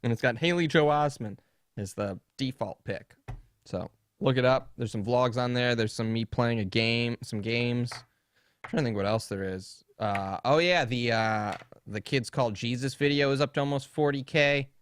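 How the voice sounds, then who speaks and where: A man's voice: medium pitch, moderate pace. A young man co-hosting a podcast, rambling through funny stories in casual chat and laughing often. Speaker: podcast co-host.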